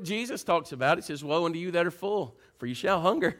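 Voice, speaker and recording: A man preaching a sermon, telling homey stories and slipping into soft, low, prayerful tones. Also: expressive, quick pace, few pauses. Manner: folksy storytelling, swings loud and high into playful mimicry. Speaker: pastor.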